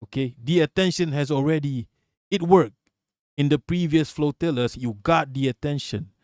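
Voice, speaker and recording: A male live streamer with a somewhat high voice rants at his chat in a loose, rambling, profane flow. He is blunt and laughs often between remarks. The sound is dry and close, with little room around it. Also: normal speed, a little mellow, no room sound. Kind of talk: live-stream political commentary.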